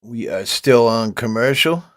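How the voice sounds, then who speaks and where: A man with toothless, gummy speech hosts a casual livestream, reading chat comments aloud and laughing often. His mid-range voice is animated and fairly bright, a little slow, recorded clean in the studio with no echo.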